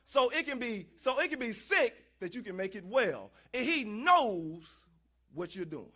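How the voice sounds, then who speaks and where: High-pitched guy preaching, swings up and down a lot, says y'all, keeps repeating lines. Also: unhurried. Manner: animated, rhetorical questions and repetition; folksy, addresses congregation as y'all. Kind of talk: sermon.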